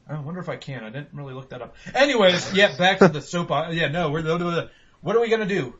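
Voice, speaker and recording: A man's voice: fairly high pitch, big pitch swings, fairly quick, a bit bright, breathy edge. A young man hosting a casual podcast, rambling and swearing freely, often laughing. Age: young adult. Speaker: podcast host. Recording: dull lo-fi podcast audio.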